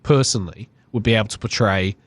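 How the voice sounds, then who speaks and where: A man co-hosts a gaming podcast, telling stories in a loose, easygoing way and swearing here and there. His voice is mid-pitched, close and dry on the mic. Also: quick pace, no echo. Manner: storytelling, swears casually. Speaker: podcast co-host. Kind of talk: casual chat.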